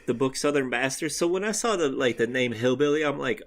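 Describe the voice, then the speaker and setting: Gravelly, laughing man chatting. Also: mid-range voice, moderate pace, few pauses, a bit bright. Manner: laughing, rambling and upbeat. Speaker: podcast co-host. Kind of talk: casual chat.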